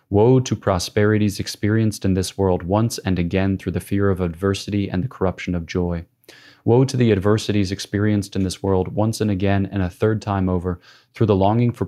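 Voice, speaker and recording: A man giving a measured, prayerful scripted reading of a devotional classic. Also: low voice, mellow. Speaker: reader.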